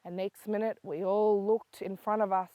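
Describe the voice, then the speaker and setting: An older woman from South Australia with an Aboriginal Australian English accent, telling a story for children in a lively voice that moves from hushed to excited. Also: mid-range voice, normal speed, no room sound. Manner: lively, swings between hushed and excited calls.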